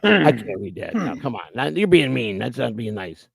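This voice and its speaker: A man's voice: medium pitch, sing-song, moderate pace, gravelly, husky, no room sound. A man hosting a casual live stream, joking and teasing as he reads chat messages aloud on a streaming mic. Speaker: host.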